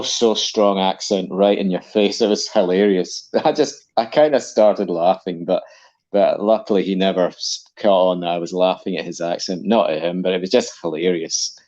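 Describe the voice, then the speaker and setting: A man with a very deep voice talks casually as a guest on a livestream, chatty and agreeable. His audio is dull and lo-fi, with the highs dulled. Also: darkish tone. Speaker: stream guest.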